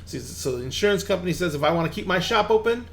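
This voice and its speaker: A man's voice: high-pitched, expressive, quick pace, gravelly, background noise. A man voicing a defensive, foul-mouthed male tattoo shop owner who swears freely. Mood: exasperated. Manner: swears freely, streetwise and exasperated.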